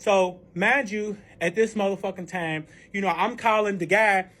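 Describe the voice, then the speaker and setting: A man telling a dramatic personal story in a storytime vlog, animated and full of profanity. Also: high-pitched, normal speed. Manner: heavy profanity, animated retelling.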